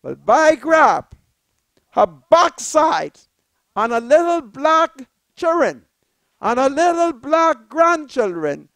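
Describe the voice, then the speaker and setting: Slow, fiery Bahamian woman commentator. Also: sits high, very animated, no echo. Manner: slow, preacherly, rising to shouted appeals. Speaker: political commentator, show host. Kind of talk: impassioned political monologue.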